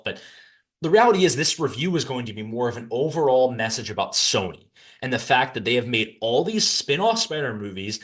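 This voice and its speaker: A young man hosting a podcast, ranting through a casual film review with lots of restarts and asides. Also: mid-range voice. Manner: animated, frequent restarts, rambling asides.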